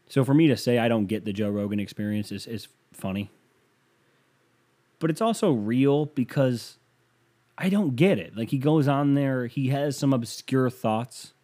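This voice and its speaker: A man's voice: medium pitch, moderate pace, warm tone. A young man hosting a podcast, riffing in a casual comedic monologue, rambling and wry with lots of fillers. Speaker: podcast host.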